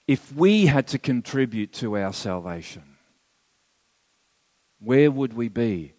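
A man's voice: medium pitch, lively intonation, slow pace, long pauses, darkish tone, long reverb tail. A man teaching theology as a sermon, earnest and emphatic, with wry asides to his listeners. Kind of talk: sermon lecture.

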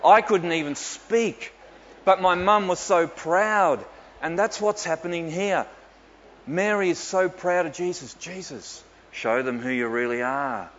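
A man's voice: fairly high pitch, a bit bright, a little hiss or hum. A man, a pastor telling stories with dry humour in a sermon. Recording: dull echoey hall with faint ambience.

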